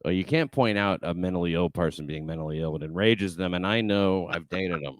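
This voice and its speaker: A man's voice: low-pitched, a little fast, a little hiss or hum. A man hosting a casual late-night show, talking loosely with profane asides and laughter. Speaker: podcast host.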